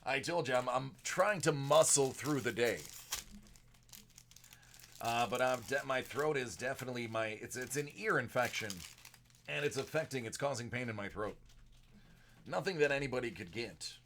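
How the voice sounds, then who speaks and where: A man with a mid-pitched voice calls out cards during a live break, mostly even but jumping up loud at the good pulls. His throat is sore and he sounds strained and short of breath. Faint noise sits under the voice. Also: moderate pace, long pauses. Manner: rattles off card names, bursts of excitement at big pulls. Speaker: card breaker on a live stream. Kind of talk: live card-break commentary.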